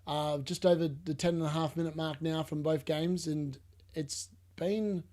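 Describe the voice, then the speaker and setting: An Australian man hosting a live fantasy football watchalong, chatting and laughing with viewers and shouting at every chance. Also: on the high side, steady tone, measured pace. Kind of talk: live watchalong commentary and chat replies.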